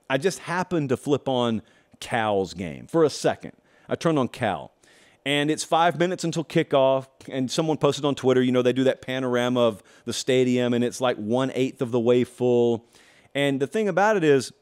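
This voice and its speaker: Animated male sports host, emphatic monologue with rhetorical questions and sarcastic asides. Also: medium pitch. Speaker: college football show host. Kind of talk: opinion monologue.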